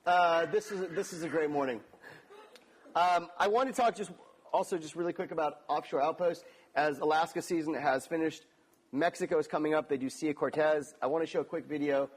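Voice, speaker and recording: Guy hosting a chat, kinda high voice, hyped and friendly about the trip. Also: a little fast, slightly rough. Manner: friendly and enthusiastic, promotional. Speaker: interview host. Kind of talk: casual interview chat.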